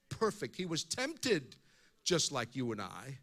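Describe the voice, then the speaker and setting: A man's voice: mid-range voice, wildly swooping pitch, measured pace, sharp tone. A male pastor preaching a sermon in an impassioned way, often repeating words as he goes.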